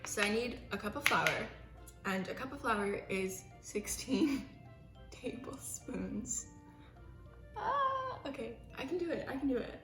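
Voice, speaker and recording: A woman's voice: a little high, sing-song, unhurried. A young woman vlogging while she bakes at home, chatty, self-mocking and dramatic. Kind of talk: casual baking vlog chat. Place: home kitchen. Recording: echoey room with faint music.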